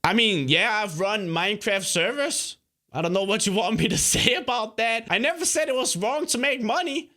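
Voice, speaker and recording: A man's voice: high-pitched, expressive, moderate pace, pushed and bright. A young man hosting a reaction video, talking back at a clip in an indignant, sarcastic way. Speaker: YouTuber host. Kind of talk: reaction commentary.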